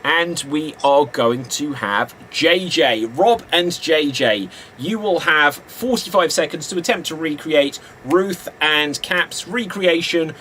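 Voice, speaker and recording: High, bright-voiced improv host. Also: male voice, takes it slowly, hardly any pauses, a little hiss or hum. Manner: giggly, announcing time calls. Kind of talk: live-streamed improv hosting.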